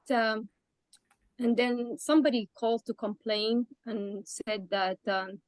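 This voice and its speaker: A woman tells a personal account in a webinar, feeling her way through it with frequent pauses and restarts. Her voice sounds close and dry, with no room around it. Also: mid-range voice, darkish tone, dry recording, rough recording. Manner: hesitant, with many fillers and restarts. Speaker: webinar participant.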